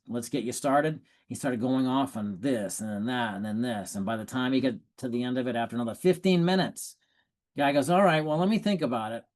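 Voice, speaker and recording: A man giving sales coaching tips in a lively, animated way, acting out prospects' lines and laughing at his own stories. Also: mid-range voice. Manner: animated, acts out prospects and quotes. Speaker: sales trainer. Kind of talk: coaching talk.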